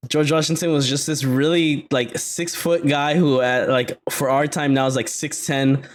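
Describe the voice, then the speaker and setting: A young man co-hosting a casual podcast, telling stories in an animated way, breaking into loud laughs. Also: medium pitch, normal speed. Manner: animated storytelling, loud laughs, quotes others in raised voice. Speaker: podcast co-host. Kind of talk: casual chat.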